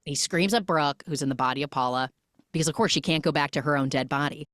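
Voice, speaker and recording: A woman hosts a podcast where she casually recaps a film, chatting through the plot and acting out each character's lines in quick snippets. Her voice is low-pitched and a bit bright, with studio-quality sound and no echo.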